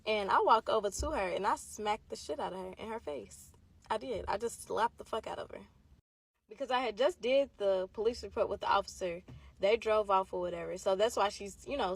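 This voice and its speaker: A young woman vlogger casually telling a dramatic personal story to her viewers, emphatic and lively. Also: mid-range voice, moderate pace, slightly rough. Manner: animated, emphatic, addresses viewers as y'all.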